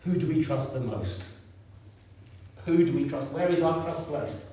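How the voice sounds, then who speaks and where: Man in his fifties, sermon, slightly high voice, heavy room echo, distant mic. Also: measured pace, warm tone. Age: 50s. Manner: conversational, repeats himself, asks the congregation questions. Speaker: preacher. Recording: echoey room, picked up from a distance.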